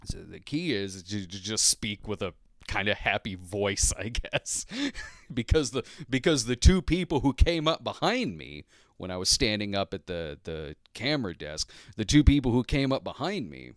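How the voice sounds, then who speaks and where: A man with a lowish, smooth, clean voice, recorded close and dry with no room sound. He hosts a podcast and tells an everyday story in a loose, rambling way. He chuckles often and sometimes acts out what other people said. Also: sing-song, moderate pace, no room sound. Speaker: podcast host. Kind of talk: casual storytelling monologue.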